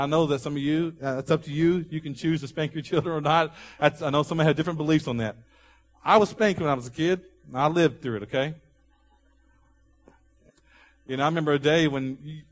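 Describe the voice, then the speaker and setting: A man preaching a sermon, telling a story and dropping his voice low for quoted dialogue. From Oklahoma. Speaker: pastor.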